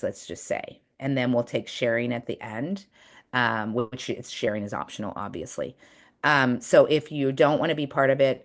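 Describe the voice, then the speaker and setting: Chatty woman coach teaching over a video call. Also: rumbling low. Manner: chatty, earnest, many fillers and restarts. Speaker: coach and webinar presenter. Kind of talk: casual teaching talk.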